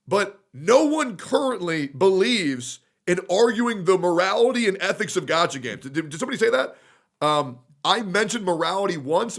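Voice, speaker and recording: A man's voice: high voice, vocal fry, a bit bright. A male streamer in a blunt, profane, sarcastic livestream reaction rant.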